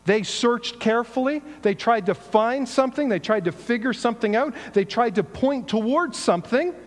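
A man's voice: extremely high pitch, lively intonation, normal speed, long reverb tail. A man giving a sermon in a conversational storytelling way, asking rhetorical questions. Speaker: pastor.

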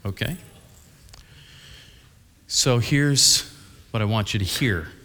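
Animated storytelling pastor in a reverberant hall. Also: male voice, lowish voice, takes it slowly. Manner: animated storyteller, acts out yelling and dialogue. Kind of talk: sermon storytelling.

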